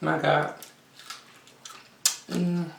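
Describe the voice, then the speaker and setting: A woman vlogger chatting casually to camera between bites, often pausing on long hums. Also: deep voice, little pitch movement, vocal fry, a little hiss or hum. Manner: chatty, talks between bites with drawn-out mms. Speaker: mukbang vlogger. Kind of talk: casual eating chat to camera. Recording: roomy sound from a distance.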